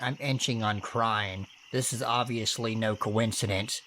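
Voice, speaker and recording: A man narrating true horror stories in first person, with steady, earnest delivery and casual swearing. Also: lowish voice, a little slow, slight background noise.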